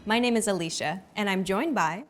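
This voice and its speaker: A young adult woman hosting a language lesson in an upbeat, clear teacherly delivery. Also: mid-range voice, fairly quick, soft background music. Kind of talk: scripted lesson narration.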